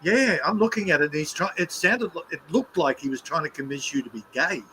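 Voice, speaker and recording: A man chatting casually on a stream, animated and mocking, with plenty of swearing. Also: fairly high pitch, fairly quick, rough recording. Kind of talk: casual chat. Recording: faint background noise.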